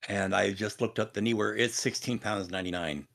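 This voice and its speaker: Bright gravelly low-voiced British man. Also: steady tone, brisk. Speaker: podcast co-host. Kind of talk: casual livestream chat.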